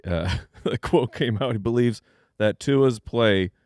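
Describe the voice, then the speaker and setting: A man co-hosting a fantasy football podcast, talking casually with halting restarts and chuckles. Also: medium pitch, a little mellow, no room sound, clean studio sound. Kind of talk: casual sports podcast banter.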